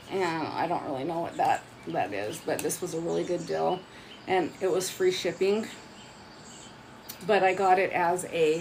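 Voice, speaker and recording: A woman's voice: lowish voice, a little hiss or hum, rough recording. Chatty woman rambling through a product demo. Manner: chatty, rambling, self-mocking. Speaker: vlogger. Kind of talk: casual live chat, product demo.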